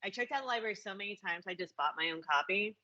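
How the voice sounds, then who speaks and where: A woman's voice: mid-range voice, expressive, fast talker, pushed and bright. Chatty woman co-host, dull lo-fi sound. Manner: eager, chatty, gushing. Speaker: podcast co-host. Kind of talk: casual film chat.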